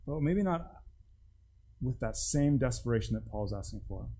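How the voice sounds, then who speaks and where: A man preaches in a relaxed, conversational way and often restarts his phrases. His tone is mellow and warm, and he drops to a hush on his key points. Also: mid-range voice, brisk, breathy edge, rough recording. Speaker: pastor. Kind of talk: sermon.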